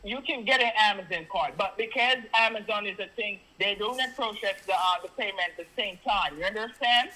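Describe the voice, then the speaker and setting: A man's voice: high voice, a little fast, hardly any pauses, bright, forceful tone. A man with a Jamaican accent on a phone call, insistently repeating instructions in broken grammar. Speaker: phone scammer.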